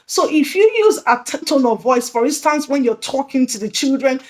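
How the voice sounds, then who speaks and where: A woman's voice: sits high, expressive, normal speed. A woman hosting an early childhood education channel, explaining teaching strategies in an earnest way that often repeats and restates her points. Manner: earnest, repetitive, emphatic restatements. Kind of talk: instructional video talk.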